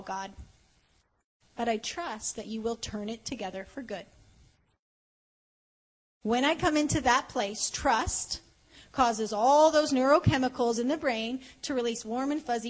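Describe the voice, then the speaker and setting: A woman preaching a conversational sermon at a conference, earnest and animated, slowing down to stress key points. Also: a little high, rough recording. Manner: earnest, animated, often slows for emphasis. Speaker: conference speaker.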